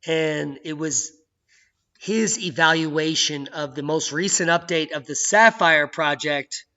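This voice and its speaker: A man hosting his own video channel, talking in an excitable, jokey way that swings from loud outbursts to hushed asides. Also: fairly high pitch. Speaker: channel host. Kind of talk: casual video commentary. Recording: dull lo-fi sound.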